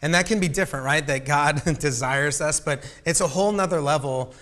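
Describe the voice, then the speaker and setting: A man's voice: fairly high pitch, a little fast, a bit bright. Joking young male preacher. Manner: joking, self-deprecating asides to the room; laughs often. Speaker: youth pastor. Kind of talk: casual sermon.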